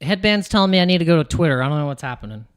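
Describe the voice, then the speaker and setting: An American man rambling through casual livestream chat as a crypto streamer, with lots of restarts and quick jumps in pitch. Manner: rambling, restarts, laughs, animated swings in pitch.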